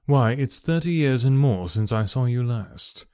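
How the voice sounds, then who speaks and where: A man voicing a wizened, crafty old sailor with a sly, slow seaman's drawl in a storybook reading. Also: medium pitch, animated, mellow, clean tone, no echo, clean studio sound, close to an everyday voice. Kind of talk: audiobook character voice.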